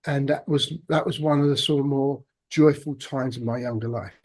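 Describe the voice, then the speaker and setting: A man, a podcast guest telling his own story in a halting, reflective way. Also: medium pitch, steady tone. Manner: halting, reflective, many restarts. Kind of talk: personal storytelling interview.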